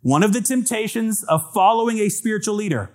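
High-voiced man preaching a sermon. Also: expressive, fairly quick. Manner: earnest preaching, reads scripture aloud, asks congregation for amens. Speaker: pastor. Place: church with congregation.

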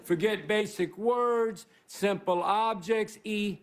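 A man with a high-pitched voice delivers a slow, rambling, self-deprecating stand-up monologue as guest host on a live TV studio stage. Crowd noise fills the recording, and the studio audience can be heard laughing.

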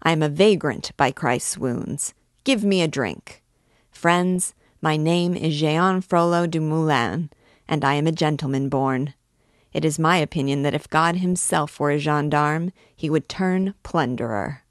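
A woman's voice: sits low, a little slow, no echo, clean studio sound. A woman voicing a brash, boastful young man in armor, speaking with swagger.

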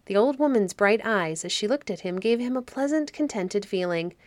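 A woman narrating a fairy story audiobook in a calm, measured way. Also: medium pitch, no room sound. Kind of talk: reading a fairy story aloud.

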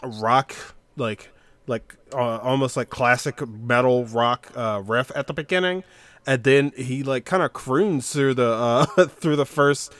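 A man co-hosts a music podcast, talking casually and rambling with lots of fillers and restarts. His voice is medium in pitch and a bit bright, his pace measured, with no room sound.

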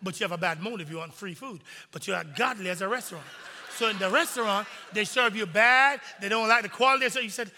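Pastor guy preaching, really high bright voice, gravelly edge, big echoey sanctuary. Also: brisk. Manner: animated, call-and-response preaching. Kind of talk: sermon. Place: large church sanctuary. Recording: long reverb in a large sanctuary.

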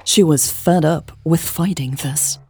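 A woman reads an intimate romance audiobook in a hushed, half-whispered voice. Her tone is low, gravelly and husky, and she takes her time. Faint music plays softly behind her. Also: unhurried. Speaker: audiobook narrator.

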